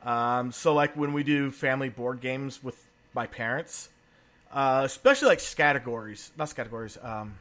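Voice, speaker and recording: A man in his thirties co-hosting a podcast, telling family stories in a relaxed chat and laughing often. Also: medium pitch, moderate pace. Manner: animated storyteller, laughs often. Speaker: podcast co-host. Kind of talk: casual conversational storytelling.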